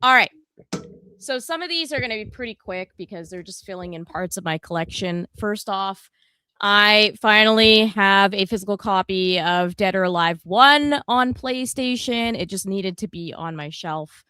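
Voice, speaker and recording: A woman's voice: mid-range voice, expressive, normal speed, sharp tone, clear, resonant tone, dry recording, clean studio sound. Blunt, foul-mouthed woman podcast co-host. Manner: blunt, chatty, swears freely. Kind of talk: casual chat.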